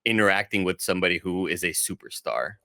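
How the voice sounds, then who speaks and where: A man co-hosting a podcast, chatting casually in an animated way with swearing. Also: low voice, fast talker, dry recording, clean studio sound. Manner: animated, swears, acts out mocking quotes. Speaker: podcast co-host. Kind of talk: casual chat.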